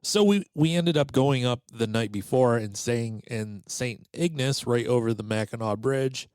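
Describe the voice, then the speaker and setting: A man's voice: medium pitch, moderate pace, clean tone, no room sound. A man casually telling a story on a podcast, acting out the voices of the people in it. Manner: animated, acts out quoted voices. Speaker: podcast host.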